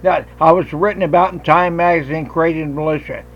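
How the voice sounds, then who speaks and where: A man hosting a talk radio show, ranting in a loud, combative and profane way. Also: fairly high pitch, steady tone, normal speed, muffled recording. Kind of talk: heated talk radio rant.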